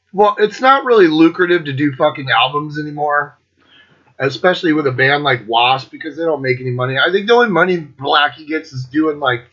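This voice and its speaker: A man hosting his own metal show, chatting casually and sarcastically with lots of swearing, clearing his throat now and then. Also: fairly high pitch, a bit bright, highs cut off. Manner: profane, sarcastic, laughs often. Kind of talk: casual solo chat reviewing albums.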